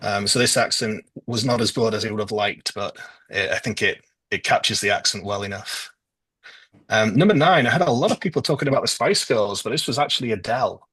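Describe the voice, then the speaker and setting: A man from northwest England hosting a trivia quiz over a video call, going through the answers casually with frequent ums and pauses. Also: fairly low pitch, animated, a bit bright, breathy edge, no echo, rough recording. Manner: hesitant, lots of ums. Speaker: quiz host.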